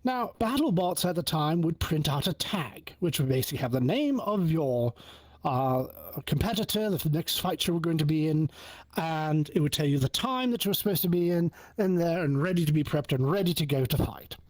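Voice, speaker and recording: Animated storytelling man, fairly high voice. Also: normal speed, dry recording. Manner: animated, acts out dialogue with many restarts. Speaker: talk show host. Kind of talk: casual storytelling.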